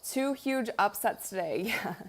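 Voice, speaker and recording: A woman's voice: mid-range voice, lively intonation, a little slow. Young woman casually chatting thru a live watch party, kinda sleepy, lots of likes and honestlys. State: tired, yawning. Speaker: livestream host.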